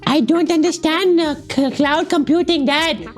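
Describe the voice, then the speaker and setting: In a game voice-over, a player voices a clingy little radish son whining and pleading with his dad, often shouting "Dad". The voice sits high and moves a little slowly over soft background music.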